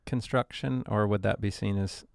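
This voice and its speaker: A man in a casual talk, putting short, halting questions to the teacher. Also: lowish voice, fairly even intonation, creaky, no room sound, studio quality. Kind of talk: casual chat.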